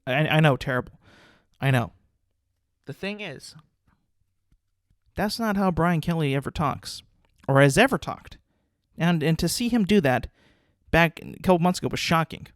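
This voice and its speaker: A man's voice: a little high, animated, moderate pace, pauses often, no room sound, clean studio sound. A young man hosting a podcast, ranting casually about sports, rambling and repeating words as he restarts sentences. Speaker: podcast host.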